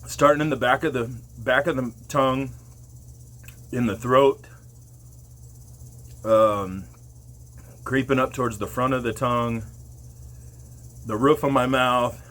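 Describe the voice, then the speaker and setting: Slow-talking man vlogging through mouth burn. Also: medium pitch, steady tone. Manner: slow, drawn out, breaking into loud whoops. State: mouth burning, eyes watering, nose running. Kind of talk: casual vlog to camera.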